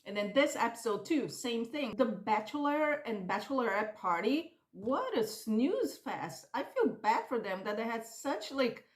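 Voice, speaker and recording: A woman hosting her own channel, giving opinionated, animated reality TV commentary in casual chat and acting out quotes. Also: a little high, a little slow, few pauses, echoey room.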